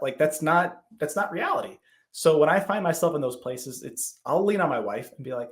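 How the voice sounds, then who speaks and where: Here a medium-pitched man in his thirties speaks fairly quickly as a podcast guest. Relaxed and chatty in the interview, he narrates stories with energy and reenacts his own quoted lines.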